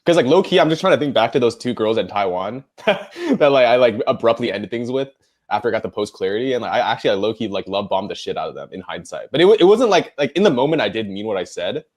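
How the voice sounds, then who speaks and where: A man's voice: mid-range voice, big pitch swings, fast, a little mellow. A young man, co-hosting a casual debate podcast and rambling with many fillers and restarts. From United States. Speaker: podcast co-host.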